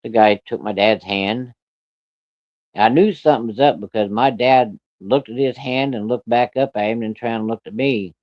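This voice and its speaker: A man telling a story of his own in a blunt, profane, folksy way, with rough rural grammar. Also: mid-range voice, normal speed, no room sound. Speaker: storyteller recounting a personal encounter. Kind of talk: casual spoken storytelling. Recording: dull, lo-fi and dry.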